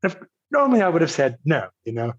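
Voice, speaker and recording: A man's voice: on the high side, huge pitch swings, fast talker. Older man telling a self-mocking story. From Virginia, United States. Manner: anecdotal and self-mocking, quotes others, laughs at himself. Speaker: podcast guest. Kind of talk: storytelling in a casual interview. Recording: slightly dull, lo-fi audio.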